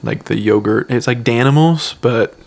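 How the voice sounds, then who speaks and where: A man's voice: medium pitch, normal speed, vocal fry. A young man co-hosting a casual podcast, laid-back and reflective as he chats over drinks. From United States. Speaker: podcast co-host.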